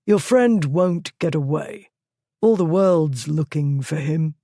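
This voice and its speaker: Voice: medium pitch, expressive, takes it slowly, warm tone, dry recording, clean studio sound. A narrator voicing a stern nobleman, a duke who talks in a cold, clipped, threatening way. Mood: menacing.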